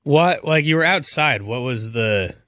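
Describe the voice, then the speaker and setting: A man's voice: mid-range voice, animated, unhurried, bright, forceful tone, dry recording, studio quality. A man co-hosting a talk show, asking casual questions.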